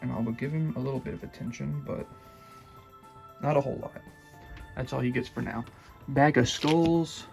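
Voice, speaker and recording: Gravelly rambling Southern young man. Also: mid-range voice, moderate pace, long pauses, darkish tone, faint music behind. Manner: rambling, hesitant, many fillers and restarts. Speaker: YouTuber giving a room tour. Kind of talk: casual rambling vlog. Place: bedroom.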